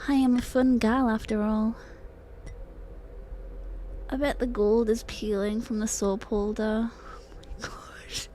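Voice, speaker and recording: A woman's voice: a little high, flat delivery, slow, long pauses, mellow, a little hiss or hum. A young woman streaming, chatting casually with viewers in a joking, mock-dramatic way, laughing often and swearing now and then. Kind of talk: casual live-stream chat.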